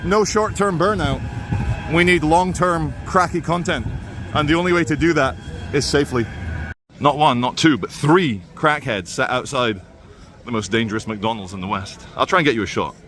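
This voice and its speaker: A man's voice: a little high, moderate pace, noisy background. A man talking casually while vlogging on city streets with a handheld phone, rambling with sardonic asides. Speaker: vlogger host. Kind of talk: casual walking vlog narration. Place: outdoors on city streets and in a mall.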